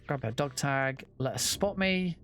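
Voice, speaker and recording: A man talks through his gameplay in a loose, chatty way, swearing offhand and restarting his sentences as he goes. His voice sits at an ordinary middle pitch. Faint game music plays underneath him. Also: unhurried, fairly bright tone. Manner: chatty, self-correcting, swears casually. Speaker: speedrunner. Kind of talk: casual gameplay commentary.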